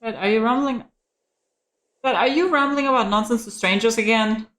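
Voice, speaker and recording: A woman's voice: a little high, moderate pace, fairly bright tone, pitched above the performer's own voice, close to an everyday voice. A woman reading as an exasperated caretaker daughter.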